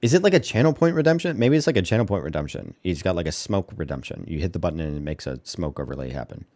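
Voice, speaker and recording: A man's voice: low-pitched, lively intonation, fast, darkish tone, no echo. A man streaming, reacting in offhand, profane asides to chat and a video. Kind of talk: casual stream commentary.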